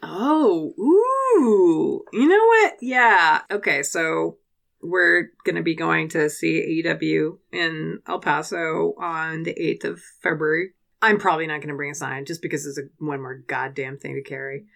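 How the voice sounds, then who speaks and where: A young woman co-hosting a casual podcast with a fairly low voice. She talks in animated bursts, swears freely and laughs often. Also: a little slow, vocal fry. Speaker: podcast co-host. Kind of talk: casual chat.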